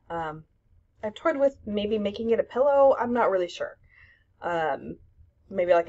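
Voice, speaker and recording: A woman's voice: fairly low pitch, a little mellow, lo-fi sound. A young woman chatting casually about her cross-stitch projects at home, rambling with lots of ums and self-deprecating asides. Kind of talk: casual show-and-tell chat.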